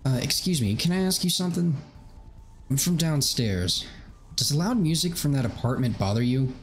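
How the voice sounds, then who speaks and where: A man's voice: fairly high pitch, animated, normal speed, pitched above the performer's own voice. A man voicing a young woman student who complains politely about noise.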